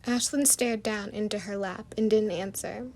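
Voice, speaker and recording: A woman narrating a storybook chapter in a soft, even manner. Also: medium pitch, normal speed.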